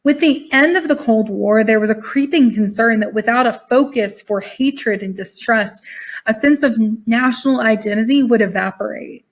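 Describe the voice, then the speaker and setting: A woman's voice: a little high, normal speed. A woman teacher, reading a text aloud and explaining it casually to her online class over a video call, sounding tired. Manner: casual, chatty, calls class "y'all".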